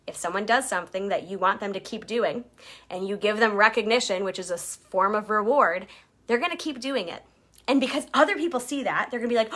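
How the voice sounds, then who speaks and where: A woman's voice: mid-range voice, pushed and bright. A woman leading a direct-sales team, giving a chatty motivational coaching talk and acting out quotes in jumpy voices.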